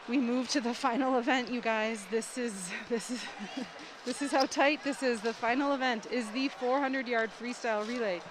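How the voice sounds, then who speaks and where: Excitable woman calling a swim meet. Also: fairly high pitch, normal speed. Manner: excitable, rises to shouts at close finishes. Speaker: sports commentator. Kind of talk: live swim meet commentary. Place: indoor pool. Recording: noisy poolside ambience.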